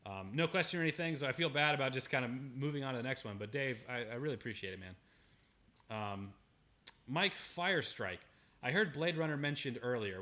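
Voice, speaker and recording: Young man, livestream host, quick pace, bright tense tone, thankful, stumbles and restarts. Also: medium pitch. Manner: reads viewer messages aloud, grateful, frequent restarts. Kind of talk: casual livestream chat.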